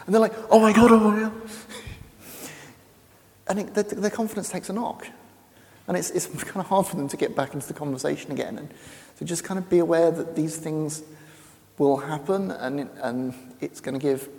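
A man with an English accent talks to an audience in a chatty, self-deprecating way, often stumbling and restarting as he goes. His voice is mellow and gravelly with a dark tone. The sound rings with the long reverb of a large hall. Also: fairly high pitch, a little fast. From England. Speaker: speaker. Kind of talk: casual presentation to an audience.

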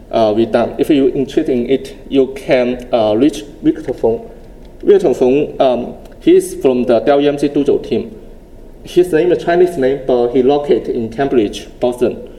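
Man, conference presenter, technical talk, halting, restarts phrases, very mellow dark tone. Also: mid-range voice, poor audio. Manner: explaining step by step. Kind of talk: technical presentation with live demo.

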